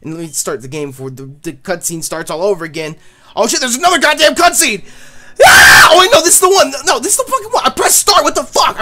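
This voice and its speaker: Hyped, loud, foul-mouthed young gamer. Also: mid-range voice. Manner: loud, hyped, swears often. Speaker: let's play host. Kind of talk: let's play commentary. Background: faint game music.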